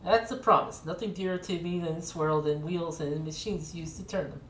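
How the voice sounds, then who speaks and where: Earnest male craftsman voiced by a woman, eager manner, low voice, roomy sound. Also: steady tone, a little fast, lightly acted. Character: earnest male craftsman devoted to wheels and machines. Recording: echoey room with faint noise.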